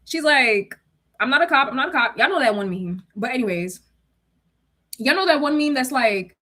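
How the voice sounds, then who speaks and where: A young woman telling a work story in casual chat, animated and slangy, laughing often and acting out quotes. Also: normal speed. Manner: acts out quotes with shrill pleading.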